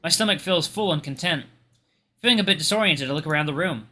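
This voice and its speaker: A young man reading a visual novel aloud with casual asides, expressive and lively. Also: a little high, fast talker. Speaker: gaming YouTuber.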